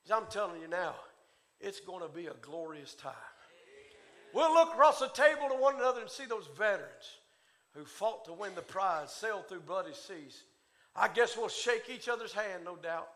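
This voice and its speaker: A male preacher delivering a sermon in a rhythmic cadence, swinging from hushed tones to shouting. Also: sits high, very animated, normal speed. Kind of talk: Pentecostal-style sermon.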